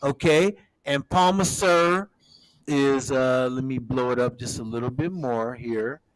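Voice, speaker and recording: A man's voice: mid-range voice, unhurried. A man hosting a casual livestream, rambling while showing a map and talking to viewers as everybody. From United States. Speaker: show host.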